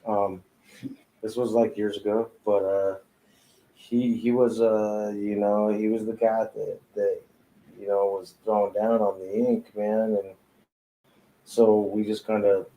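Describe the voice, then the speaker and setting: A man with a somewhat low, dark and mellow voice tells stories from his life as a tattoo artist. He talks casually and profanely, laughing often as he goes. He is recorded in a tattoo studio. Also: level tone, slow pace, a little hiss or hum, rough recording. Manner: profane, laid-back, laughing storyteller. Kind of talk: casual storytelling chat.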